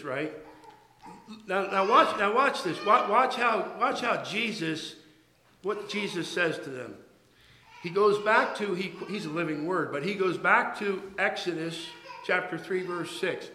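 Bright, emphatic preacher in an echoey church. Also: male voice, high-pitched. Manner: halting, repeats and restarts words, emphatic preaching. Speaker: pastor. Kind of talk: sermon.

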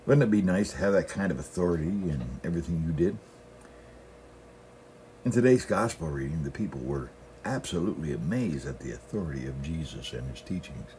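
A man's voice: very deep voice, animated, normal speed, long pauses, mellow, a little hiss or hum. A middle-aged male pastor giving a sermon in a folksy storytelling manner, often opening his sentences with "well".

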